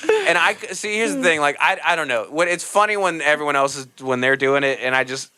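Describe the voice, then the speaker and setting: A man's voice: a little high, fairly quick, clear, resonant tone, dry recording. A man hosting a podcast, telling stories in a casual chat, acting out quotes and laughing often. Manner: animated storyteller, acts out quotes, laughs often. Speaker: podcast host.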